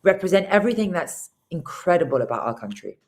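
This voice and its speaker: A woman's voice: lowish voice, very animated, fast, a little mellow. Emphatic woman prosecutor on a video call. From Britain. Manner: emphatic, repeats phrases when building a point. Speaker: senior prosecutor, guest. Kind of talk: political interview talk.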